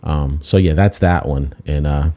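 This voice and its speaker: In a very deep, mellow voice and an unhurried pace, a comedian hosting his podcast spins a casual, self-deprecating story. It meanders and he keeps starting over.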